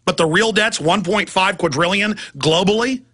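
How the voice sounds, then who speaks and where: A man's voice: sits high, normal speed, pushed and bright, husky. A middle-aged man hosting a talk radio show, delivering an impassioned, ranting monologue and mimicking opponents' voices. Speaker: radio host.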